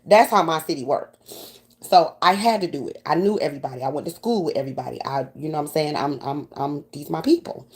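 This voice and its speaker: Speaking in a low voice, a woman from New York with the city's accent animatedly and casually relates a profane story to her audience.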